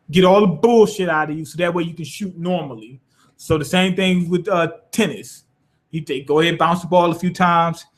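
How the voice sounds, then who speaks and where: A man with a notably high voice talks through an anime episode in an off-the-cuff review. His speech is loose and profane. He keeps showing what he means as he explains it. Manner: loose and profane, demonstrating with gestures. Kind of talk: casual spoken episode review.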